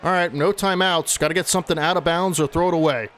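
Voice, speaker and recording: Excitable man commentating a football game. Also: on the high side, fast. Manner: excitable, talks to viewers. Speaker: gaming channel host. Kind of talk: play-by-play commentary of a video game.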